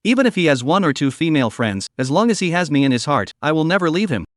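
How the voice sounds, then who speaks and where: A man's voice: fairly high pitch, big pitch swings, fast, no echo, studio quality. A man voicing an affectionate, shy young wife in a storybook recap.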